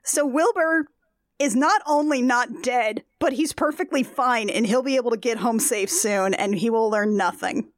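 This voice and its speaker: A woman's voice: a little high, normal speed, no room sound, clean studio sound. A woman hosting a casual podcast, recapping a comic strip with exasperated sarcasm and frequent laughter.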